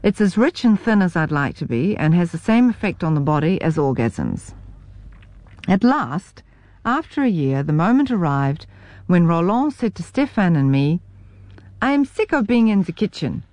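A New woman reads her memoir aloud with wry humour. Her voice sits low but swings widely through each sentence. The sound is close and dry, with no room around it. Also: moderate pace, dry recording. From New Zealand. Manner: wry, expressive storytelling. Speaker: memoir narrator.

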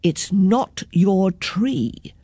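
Blunt, matter-of-fact workmen from a storybook, as a woman reader voices them. Slow, breathy delivery, close and dry, with little change from the reader's own voice. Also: mid-range voice, lively intonation, dark tone, dry recording, full character voice. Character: two gruff workmen with saws.

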